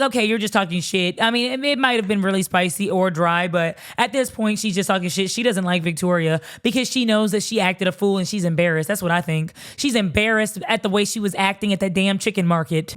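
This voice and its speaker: A woman giving a casual recap commentary, animated and blunt, swearing, exclaiming and mocking quoted people in put-on voices. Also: medium pitch. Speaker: reaction commentator.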